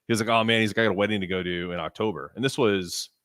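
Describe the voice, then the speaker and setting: A man co-hosting a podcast, telling an animated story with lots of restarts. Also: on the low side, very fast, no room sound, clean studio sound. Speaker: podcast co-host. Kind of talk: casual chat.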